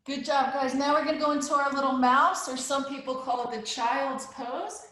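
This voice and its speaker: A woman's voice: high voice, moderate pace, bright, forceful tone. A woman guiding a children's yoga class, playful and encouraging, making animal sounds along the way. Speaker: kids yoga teacher. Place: live virtual class. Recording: very echoey room.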